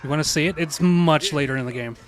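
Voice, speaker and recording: A man's voice: fairly high pitch, quick pace, faint music behind. A man commenting casually on a live game stream, talking to his chat. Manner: chatty, laughing, talks to chat.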